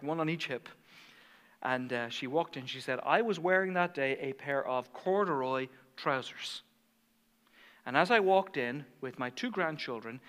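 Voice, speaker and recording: A man preaching a sermon as pastor, telling stories animatedly and swinging from hushed asides to fired-up passion. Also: on the high side, in a large hall.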